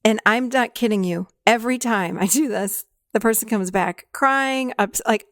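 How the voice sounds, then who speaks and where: A middle-aged woman who is a therapist hosts a podcast in studio-quality sound with no echo, her voice on the high side at normal speed with few pauses. She talks casually, acts out quoted dialogue with clients, keeps a warm, validating tone and laughs often.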